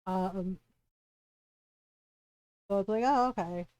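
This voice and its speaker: A woman's voice: mid-range voice, slow pace, a little mellow, no room sound, rough recording. A woman streaming a game live, chatting and giggling as she rambles about the story. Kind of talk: live gameplay commentary.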